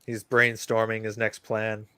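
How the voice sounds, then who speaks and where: A man's voice: fairly low pitch, monotone, a little slow, a crowd in the background. Wry man telling chatty stories. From Wisconsin, US. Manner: wry, storytelling asides. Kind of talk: casual live stream chat.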